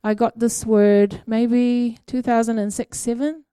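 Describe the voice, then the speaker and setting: A woman sharing her prophetic experiences at a church gathering, speaking in a halting, conversational way with many ums and a habitual "eh?". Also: a little high, little pitch movement, mellow, clear, resonant tone, no room sound. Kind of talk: informal church teaching talk.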